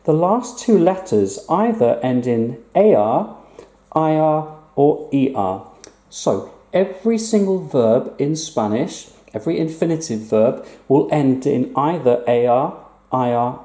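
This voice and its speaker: Chatty teacher with mellow tone. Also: male voice, medium pitch, animated, unhurried, echoey room. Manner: chatty, playful teacher, asks rhetorical questions. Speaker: Spanish teacher. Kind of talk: recorded online language lesson.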